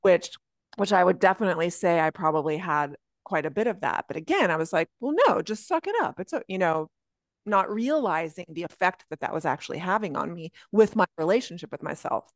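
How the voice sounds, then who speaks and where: A woman guest coach talking earnestly on a podcast, often jumping into a high voice when she quotes her own thoughts. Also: brisk, no room sound, studio quality. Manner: earnest, animated, often slipping into high quoted self-talk. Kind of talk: reflective podcast conversation.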